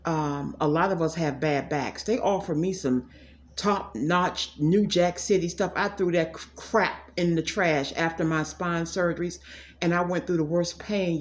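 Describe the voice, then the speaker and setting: A middle-aged woman giving a casual psychic reading straight to her viewers, blunt and sassy, calling them "y'all". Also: lowish voice. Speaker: psychic tarot reader. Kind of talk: casual direct-to-camera reading.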